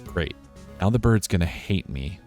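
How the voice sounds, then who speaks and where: A man's voice: low voice, lively intonation, unhurried, a little mellow, faint music behind. A man voicing a young defense lawyer in his own everyday voice, with dry, doubtful remarks. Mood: wary.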